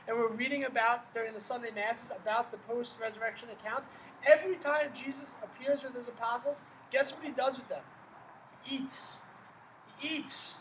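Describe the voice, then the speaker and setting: A man's voice: very high voice, a bit bright, slight background noise, poor audio. A man teaching a casual Bible lesson outdoors under an umbrella in the rain, conversational and full of rhetorical questions. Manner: conversational, asks rhetorical questions, says "right?" often. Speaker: religion teacher.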